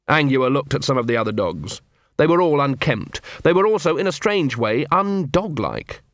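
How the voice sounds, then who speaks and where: This is scripted audiobook narration from a man reading steadily and in a measured manner. The pitch is medium, and the sound is clean studio audio with no room sound.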